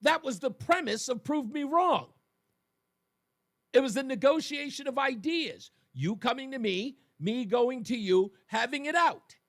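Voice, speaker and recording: A man's voice: very high-pitched, a little slow, dry recording, clean studio sound. A man hosting a talk radio show, delivering an emphatic monologue and speaking straight to his listeners. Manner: emphatic, animated, addresses listeners directly.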